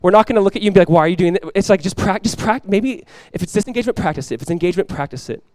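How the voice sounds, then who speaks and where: This energetic, conversational sermon comes from a young adult male pastor who keeps restarting what he's saying. His voice is high and very fast, and the sound is dry.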